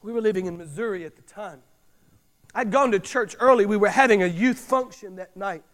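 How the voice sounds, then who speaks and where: A middle-aged man preaching a sermon, repeating key lines and driving points home with loud bursts. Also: high-pitched, brisk. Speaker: pastor.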